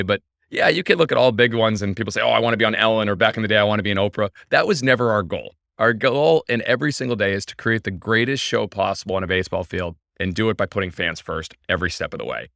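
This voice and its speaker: A man being interviewed on a podcast, telling his story in an eager, energetic way. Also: lowish voice, quick pace, creaky, few pauses, no echo, studio quality. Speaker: podcast guest, baseball team owner. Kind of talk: casual interview chat.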